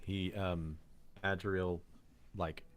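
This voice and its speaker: A man's voice: sits low, flat delivery, drawn-out words. A man running a tabletop game as game master, narrating loosely with many fillers.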